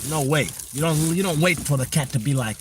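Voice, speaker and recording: A man's voice: on the high side, lively intonation, a little fast, slight background noise. A man hosting a casual livestream, talking in a loose, slangy, rambling way that turns into heated ranting at a viewer in the chat. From Australia. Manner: laid-back, rambling, slangy. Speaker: livestream host.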